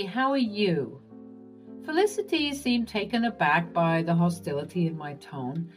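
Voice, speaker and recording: Expressive woman narrating a drama story. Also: lowish voice. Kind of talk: scripted first-person story narration.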